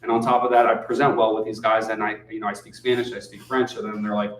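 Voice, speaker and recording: A man's voice: lowish voice, level tone, quick pace. Casual male speaker in an echoey room. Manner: loose, conversational, keeps asking "right?"; swears casually. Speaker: guest speaker, real estate investor. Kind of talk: casual talk at a meetup. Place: meetup room. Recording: echoey room, distant mic.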